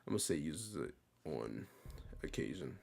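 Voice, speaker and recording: A man's voice: a bass voice, sing-song, unhurried, vocal fry, a little mellow. A young man giving casual, rambling commentary while ranking a tier list, in a slangy and offhand way.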